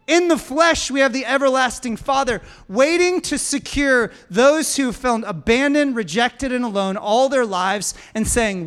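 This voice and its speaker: High-voiced preacher with a smooth tone. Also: male voice, unhurried, few pauses, a bit bright. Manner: emphatic preaching with lists and call-and-response. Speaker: pastor. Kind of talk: sermon.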